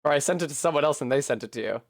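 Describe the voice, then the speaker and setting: While streaming a video game, a man rambles casually, pokes fun at himself and swears now and then. His slightly high voice races along, captured in clean studio sound with no echo.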